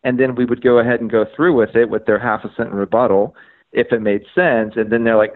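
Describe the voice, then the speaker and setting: A man telling his story as a podcast guest, animated, acting out conversations and using lots of "like" and "um". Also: medium pitch, quick pace, phone-quality sound. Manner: frequent fillers like "like" and "um". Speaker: podcast guest, media outlet founder.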